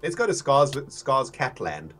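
A man's voice: medium pitch, wildly swooping pitch, measured pace, over loud music. A man co-hosting a casual gaming livestream, laid-back and enthusiastic, laughing often. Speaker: livestream co-host.

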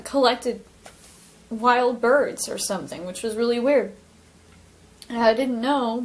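A young woman from Alaska recounting a personal near-death experience, talking in an emotional, halting way with many fillers and restarts. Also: fairly high pitch, rough recording. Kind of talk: personal testimony, casual storytelling.

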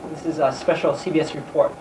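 Someone doing a crisp TV newswoman. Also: medium pitch, flat delivery, quick pace, very noisy, lightly acted. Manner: crisp reporting cadence. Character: female TV news anchor, impression. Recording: echoey amateur camcorder audio from a distance.

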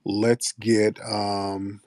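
A man's voice: fairly low pitch, flat delivery, extremely slow, darkish tone, no echo. An American man hosting a live audio chat, brash and profane, bantering with callers. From United States. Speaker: host of a live audio space.

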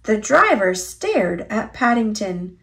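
A woman reading a children's picture book aloud in a slow, expressive storytelling voice. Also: medium pitch. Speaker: storybook reader. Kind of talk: children's read-aloud narration.

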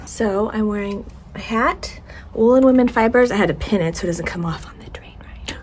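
A woman chatting casually in a craft vlog, laughing often and slipping into quick whispered asides. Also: medium pitch, a little hiss or hum. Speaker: craft vlogger.

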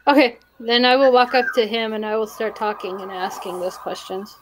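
Woman player in a tabletop game, slowish and hesitant, fairly high voice, faint noise behind. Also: little pitch movement. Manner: hesitant, thinking aloud.

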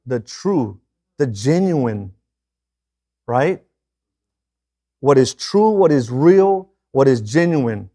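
A man's voice: mid-range voice, darkish tone. A man preaching a sermon as a pastor in a conversational way, often checking in with his listeners.

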